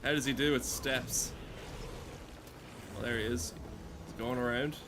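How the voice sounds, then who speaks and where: A man's voice: medium pitch, fairly even intonation, measured pace, noisy background. A man giving casual, sardonic, sweary commentary over a video game he is playing. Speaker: gaming streamer.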